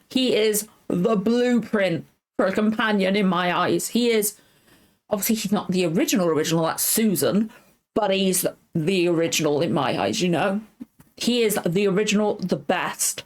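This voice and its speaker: A woman hosting a reaction channel, chatting casually and rambling, correcting herself, close to tears. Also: mid-range voice. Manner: rambling, self-correcting, emotional. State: tearful. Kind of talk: casual recap chat.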